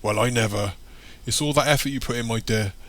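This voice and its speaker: A man's voice: medium pitch, a little fast, a bit bright, natural voice. A man voicing a big, hearty market trader who is jovial and friendly. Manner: jovial, friendly, calls people love and dear.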